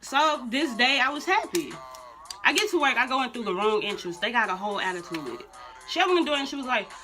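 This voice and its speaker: A woman's voice: on the high side, fast. Slangy young woman telling a story over music. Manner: slangy, blunt and animated. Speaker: vlogger. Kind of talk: casual storytime. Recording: music playing under the voice.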